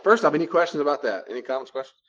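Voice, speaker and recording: A man's voice: fairly high pitch, expressive, very fast, dull audio, noisy background. A man teaching a class on personal boundaries in a conversational lecture style, repeating phrases for emphasis. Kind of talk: classroom lecture with role-play.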